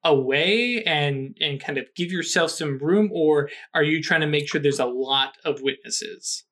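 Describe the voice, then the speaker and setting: A man running a tabletop game, talking in a slightly high, bright voice. He narrates scenes at length in a loose, rambling way, full of fillers. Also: a little slow. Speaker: game master.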